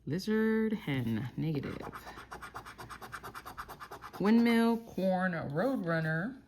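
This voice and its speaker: A woman from Texas calmly murmuring through lottery scratch-off tickets, slowly listing each symbol as she checks. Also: medium pitch, a little hiss or hum. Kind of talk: calm scratch-off play-by-play.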